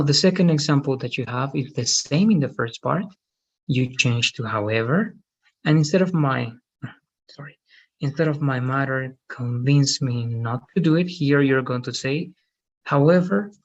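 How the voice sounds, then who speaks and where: An English teacher leads an online class, patiently taking his students through each step. His mid-range voice is husky and at normal speed, though the video call audio comes across dull and muffled.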